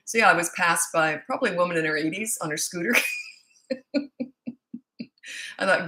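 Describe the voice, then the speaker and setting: Chatty Canadian woman with a lowish voice. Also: fairly quick, pauses often, bright, forceful tone, slight background noise, poor audio. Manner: chatty and frank, greeting viewers by place. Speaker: parenting coach. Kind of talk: live-stream Q&A chat. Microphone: own set-up microphone.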